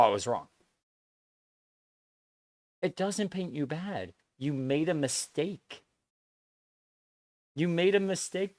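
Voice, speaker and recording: A man's voice: medium pitch, no echo. Earnest, lecturing male streamer. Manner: earnest, lecturing and repetitive, with frequent swearing. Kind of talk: casual live-stream talk to chat.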